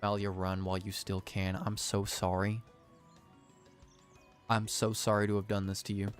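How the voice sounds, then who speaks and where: A man's voice: fairly low pitch, completely flat delivery, normal speed, soft background music. Jokey young man narrating gameplay. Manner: jokey, self-deprecating, theatrical outbursts. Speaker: gaming video creator. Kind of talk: casual let's-play commentary.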